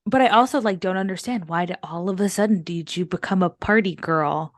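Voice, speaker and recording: A woman's voice: fairly low pitch, brisk, no echo. A young woman co-hosting a podcast in casual chat, rambling with many fillers and swearing freely. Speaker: podcast co-host.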